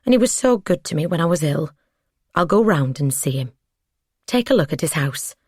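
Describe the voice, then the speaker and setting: Narrator playing an earnest, caring woman, lifted pitch, dry sound. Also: expressive, moderate pace, a little mellow, slightly rough, no room sound. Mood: concerned. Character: caring young-adult woman, concerned.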